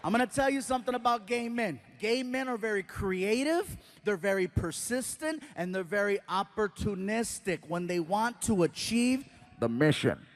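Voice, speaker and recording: High-voiced guy doing stand-up, animated, acts stuff out, big reverby theater. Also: moderate pace, slight background noise. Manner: animated storytelling, yelps and acts out scenes. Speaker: stand-up comedian. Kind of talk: stand-up comedy.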